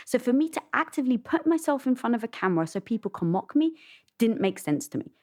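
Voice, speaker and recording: A woman guest on a podcast with a squeaky voice, telling her story in animated fashion and acting out her inner voice. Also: fast. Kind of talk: casual podcast conversation.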